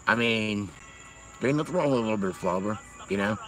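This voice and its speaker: A man's voice: on the low side, quick pace, faint music behind, rough recording. A man from Massachusetts chatting casually on a livestream, rambling and swearing, often laughing. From Massachusetts, USA. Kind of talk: casual chat.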